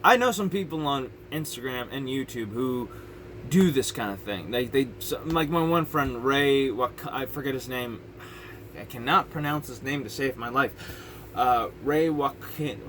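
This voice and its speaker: A man's voice: mid-range voice, expressive, measured pace, a bit bright, a little hiss or hum. A young man ranting frustratedly on his vlog from his parents' house, rambling and restarting his sentences. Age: young adult. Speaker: YouTuber.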